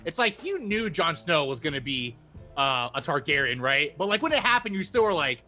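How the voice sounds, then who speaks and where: A man's voice: a little high, big pitch swings, moderate pace, sharp tone, faint music behind. A man co-hosting a podcast, chatting casually and laughing as he acts out his reactions. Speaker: podcast co-host. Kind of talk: casual chat.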